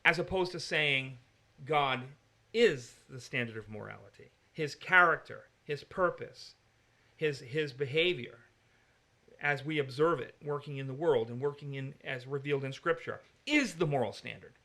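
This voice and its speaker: A man's voice: mid-range voice, normal speed, bright, forceful tone. Emphatic man teaching on scripture. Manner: emphatic, argumentative. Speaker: Bible teacher. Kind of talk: teaching discussion.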